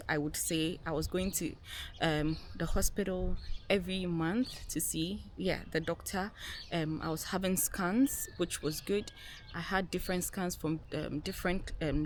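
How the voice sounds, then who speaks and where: A young woman vlogger telling a personal story to her viewers in a casual, animated way, laughing often and acting out what people said. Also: on the low side, a little slow, a little hiss or hum. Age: young adult. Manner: animated, laughing, acts out quotes.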